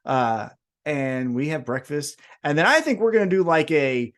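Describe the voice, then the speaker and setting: Co-hosting a wrestling podcast, a man tells a long, loose, profane story with lots of animation, doing voices for the people involved. His pitch is slightly high and he talks at a normal speed.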